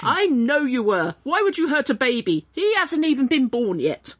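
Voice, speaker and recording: A woman voicing a bold, cheeky young woman companion who yells indignantly, in a storybook reading. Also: sits high, sing-song, moderate pace, no echo, studio quality, pitched above the performer's own voice. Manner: loud and indignant.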